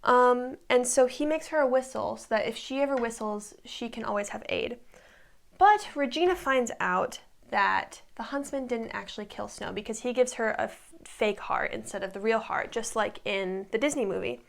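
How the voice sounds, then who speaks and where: A woman's voice: on the high side, moderate pace, gravelly. A woman in her twenties recapping a TV show in a casual, rambling way, full of likes and ums. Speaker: recap vlogger.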